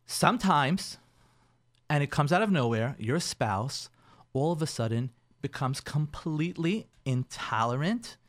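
Animated man giving radio marriage advice. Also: fairly high pitch. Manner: animated, repeats himself, acts out quoted spouses. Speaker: rabbi and marriage counselor hosting a radio show.

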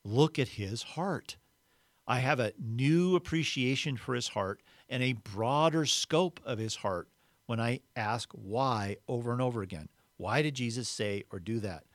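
A man's voice: medium pitch, no room sound. Reflective man teaching in a dry room. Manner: reflective, repeats words for emphasis. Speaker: podcast host. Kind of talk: devotional teaching.

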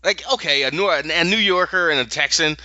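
A man from the US co-hosting a podcast in casual chat, animated, laughing often and restarting sentences as he thinks. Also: a little high, a little fast, no echo, lo-fi sound. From Philadelphia, USA. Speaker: podcast co-host.

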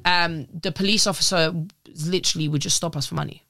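A young woman telling travel stories as a podcast guest, casual and animated, swearing and acting out quotes. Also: lowish voice, fast talker. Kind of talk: casual storytelling.

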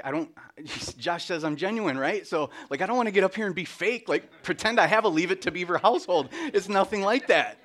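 A man's voice: a little high, a bit bright. A middle-aged man giving a candid, self-deprecating personal testimony in church, full of restarts and little laughs. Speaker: lay speaker.

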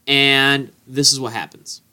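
Bright-voiced young man, fired up. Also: mid-range voice, level tone, measured pace. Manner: joking, fired up. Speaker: podcast co-host. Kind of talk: casual sports chat.

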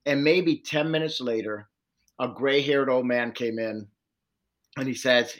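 A social worker and domestic violence trainer tells a long personal story in an interview, earnestly and animatedly acting out the voices of people he met. He has a mid-range voice and talks at normal speed.

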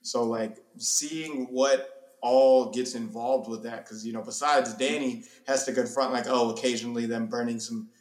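A man's voice: medium pitch, fairly even intonation, normal speed, hardly any pauses, roomy sound. A man talking in a chatty, analytical way with some slang and swearing, as a podcast co-host. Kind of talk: casual chat.

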